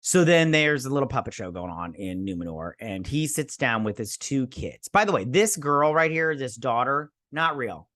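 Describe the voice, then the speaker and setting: A man's voice: mid-range voice, animated, normal speed, hardly any pauses, a bit bright, no echo, studio quality. A man hosting a casual video review, ranting bluntly and scornfully, swearing, stumbling over restarts and fillers. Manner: frequent restarts and filler stammers. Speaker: show host.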